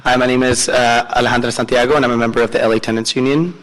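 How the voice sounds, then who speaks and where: A man interpreting public comments at a hearing, hesitant and full of filler pauses. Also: medium pitch, flat delivery, a bit bright. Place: city council chamber. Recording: long echo in a council chamber.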